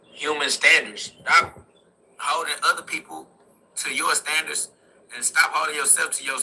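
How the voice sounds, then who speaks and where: A young man preaches with fervor, his voice sharp and very bright, with a gravelly edge and a husky grain. He hammers home each point through repetition, speaking a little above the usual male pitch. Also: steady tone, normal speed, poor audio. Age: young adult. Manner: repetitive exhortations punctuated with "facts". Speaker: motivational speaker. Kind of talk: impassioned street-style preaching.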